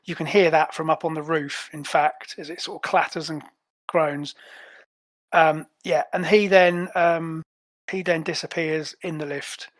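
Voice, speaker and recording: A man narrating as game master in a relaxed way with many fillers. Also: a little high, unhurried, no room sound.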